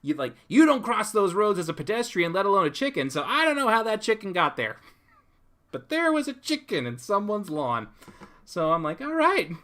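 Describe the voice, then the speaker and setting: With a high-pitched, fairly bright voice, a young California streamer draws while chatting, reading out viewer messages and laughing as he riffs on them.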